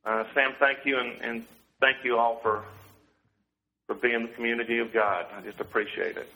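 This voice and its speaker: A man with a bright, forward voice shares a personal testimony. He speaks earnestly and often softly, with a heartfelt tone. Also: medium pitch, fairly even intonation, moderate pace, poor audio. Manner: earnest, heartfelt, soft-spoken. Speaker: guest sharing a personal testimony.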